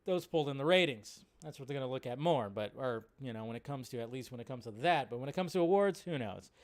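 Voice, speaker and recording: A man's voice: mid-range voice, expressive, fast. A male host of a live movie news show, chatting casually and thinking aloud with offhand restarts. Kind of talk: casual live-stream chat.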